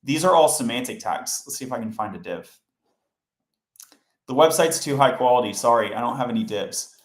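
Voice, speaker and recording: Casting note: male livestream coding host, mid-pitched, casual and explanatory, recorded in a roomy space. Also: lively intonation, brisk. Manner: chatty, explains step by step, talks to chat. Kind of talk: casual live coding tutorial. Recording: roomy echo.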